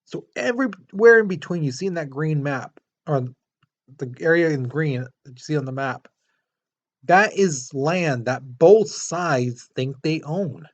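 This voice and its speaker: A man's voice: a little high, animated, a little slow, highs cut off. A man teaching a history lesson in a casual, explanatory way, pointing to a map with many fillers. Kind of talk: classroom lecture.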